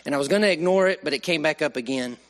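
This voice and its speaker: Animated preacher. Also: male voice, a little high, rapid-fire, slight background noise. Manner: animated, with sudden rises and hushed drops. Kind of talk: sermon.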